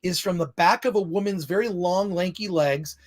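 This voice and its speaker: A man's voice: sits high, normal speed. A man hosting a film review show in casual chat, rambling off on tangents and restarting his sentences often.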